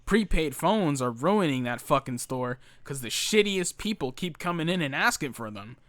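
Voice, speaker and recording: A young man tells retail horror stories in a loose, cursing rant full of restarts and fillers. His voice sits a little high. The recording is close and dry. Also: expressive, normal speed, a bit bright, dry recording. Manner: profane, ranting, frequent fillers and restarts. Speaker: former retail worker telling stories. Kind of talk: casual storytelling rant.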